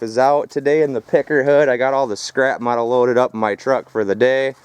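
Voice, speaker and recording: A man's voice: mid-range voice, fairly even intonation, a little fast, hardly any pauses, a little mellow, slight background noise. A man vlogging outdoors at a rural property while hauling scrap, talking loosely to viewers with plenty of swearing and sometimes out of breath. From Michigan. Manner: loose, profane, addresses viewers as folks and boys. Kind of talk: casual vlog narration.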